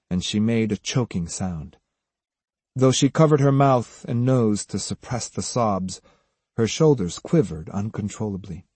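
A man reading a novel aloud as audiobook narrator, in a measured, even way, close to the mic. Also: mid-range voice, husky, dry recording. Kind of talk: scripted narration.

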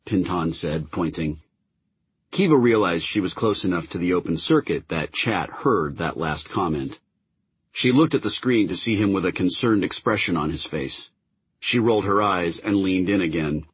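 Husky guy reading an audiobook, low voice, dry close mic. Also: moderate pace, no echo. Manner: expressive, voices each character. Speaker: audiobook narrator. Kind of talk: audiobook narration.

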